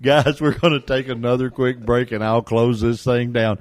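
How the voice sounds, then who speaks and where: A man's voice: medium pitch, little pitch movement, moderate pace. A man hosting a casual interview, chatty and laughing along with his guest. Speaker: host.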